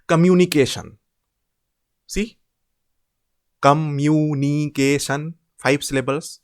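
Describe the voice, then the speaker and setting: A man, tutoring students through assignment answers, slowly drawing out example words to demonstrate them. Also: medium pitch. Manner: drawn-out demonstration words, repetitive. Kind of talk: informal screen-share explanation.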